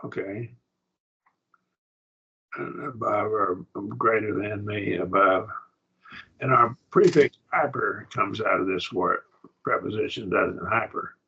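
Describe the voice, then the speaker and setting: Male teacher, low husky voice, patient classroom explainer, lo-fi recording. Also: slow pace, pauses often, sharp tone. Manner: patient, explaining step by step with frequent checks. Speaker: Greek grammar teacher. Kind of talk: classroom lesson.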